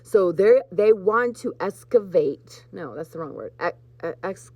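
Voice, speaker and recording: Brief: woman host, low voice, soft spiritual card reading, heartfelt. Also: lively intonation, a little slow, no echo. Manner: warm, emotional, choked up with laughter at times. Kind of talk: live card reading for viewers.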